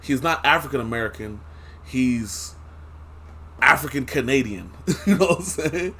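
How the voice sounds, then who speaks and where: A man giving casual reaction commentary, slangy and animated, laughing often. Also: medium pitch, normal speed, husky. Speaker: reaction streamer.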